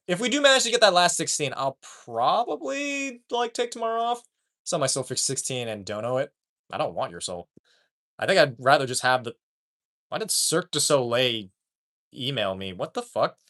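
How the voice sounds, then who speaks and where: Lively, swearing male streamer. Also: medium pitch, moderate pace. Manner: profane, animated, joking. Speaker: live streamer. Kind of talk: casual live-stream chat.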